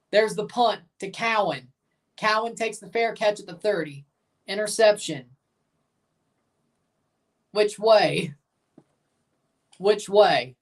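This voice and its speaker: A woman hosting a live game watchalong, giving chatty, blunt reaction commentary and bursting into excited cheers. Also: medium pitch, far from the mic. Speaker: livestream watchalong host.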